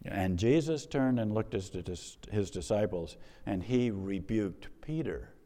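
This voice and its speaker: A male pastor delivers a lively, conversational sermon, building lines through repetition and playful asides. His voice is fairly low and warm. A long reverb from a large church hall trails after him. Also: a little slow.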